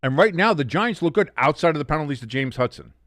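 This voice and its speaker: A man's voice: on the high side, lively intonation, fast talker, fairly bright tone, no room sound, studio quality. A man hosting a live football watch-along. He calls plays, reads chat and drops exasperated, swearing asides in casual commentary. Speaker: host of a live sports watch-along stream.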